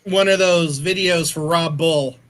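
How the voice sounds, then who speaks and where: High bright guy cohosting a stream, jokey, laughs a lot. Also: measured pace. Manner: joking, laughs often, chatty. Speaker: co-host. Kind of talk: casual livestream chat.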